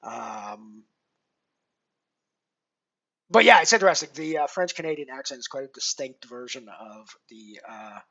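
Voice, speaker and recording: Male poker streamer, casual rambling chat, bright and edgy tone, muffled lo-fi stream sound. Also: medium pitch, sing-song, measured pace, creaky, long pauses. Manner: rambling, many fillers and restarts; self-deprecating.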